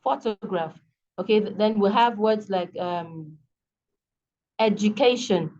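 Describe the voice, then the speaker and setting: A woman's voice: medium pitch, moderate pace, darkish tone, dull audio. A woman with a Nigerian accent teaching an online English lesson, explaining patiently and often checking that students understand. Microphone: video call.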